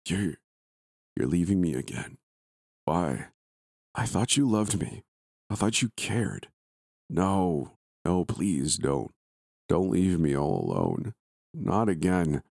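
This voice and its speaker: A man voicing a starving female tree spirit who begs and pleads softly in a horror story. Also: deep voice, very animated, slow, gravelly, pauses often, dry recording, studio quality, exaggerated voice. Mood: despairing. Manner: soft, wheedling and pleading.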